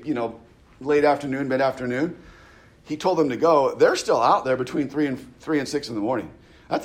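A man preaching a casual, conversational sermon, often checking in with his listeners and restarting phrases. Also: medium pitch. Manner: conversational, frequent "right?" asides and restarts. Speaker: pastor.

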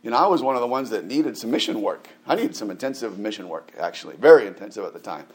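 A man's voice: on the low side, expressive, quick pace, breathy edge. A man in his forties preaching a sermon in a casual, conversational way, with frequent fillers and restarts and emphatic rises. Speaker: pastor.

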